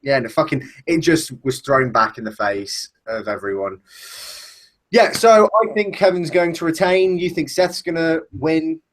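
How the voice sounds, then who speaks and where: A man's voice: fairly high pitch, moderate pace. A man hosting a casual wrestling discussion, ranting with plenty of swearing. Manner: profane, ranting. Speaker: podcast host.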